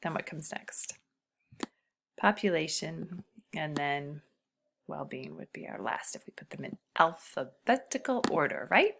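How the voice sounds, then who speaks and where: A woman's voice: sits low, animated, gravelly, background noise. Patient teacher woman sounding out words. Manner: patient, talking to students, sounding out syllables slowly; often drops to a quiet murmur while working the screen. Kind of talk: recorded reading lesson for children.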